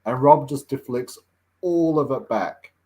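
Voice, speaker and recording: A man's voice: mid-range voice, expressive, a little slow, mellow. Hesitant man full of fillers. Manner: hesitant, lots of filler words. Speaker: podcast co-host. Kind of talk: casual chat.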